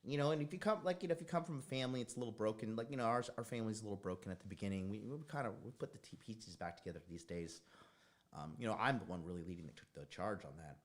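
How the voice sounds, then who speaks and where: A man's voice: lowish voice, very fast. A man hosting a casual livestream as a dating coach, talking bluntly, rambling off on tangents and swearing now and then. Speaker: dating coach and show host.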